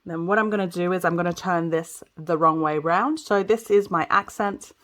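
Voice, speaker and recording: A woman talking through a sewing tutorial step by step, chatty and relaxed, often checking in with viewers as she works. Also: fairly low pitch, normal speed. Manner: chatty, explains as she works, frequent "okay" and "so". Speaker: sewing instructor. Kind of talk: casual step-by-step craft tutorial.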